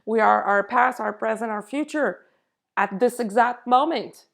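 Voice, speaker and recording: A woman giving an earnest spiritual talk to camera, in unhurried, drawn-out phrases. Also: fairly high pitch, creaky. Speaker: spiritual channel host. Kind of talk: slow spiritual monologue to camera.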